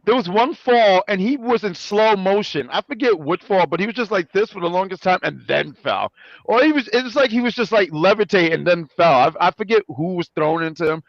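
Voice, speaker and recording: A man co-hosting a casual review chat, animated and joking, often correcting himself. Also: high-pitched, a little fast, no room sound, dull audio. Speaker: co-host.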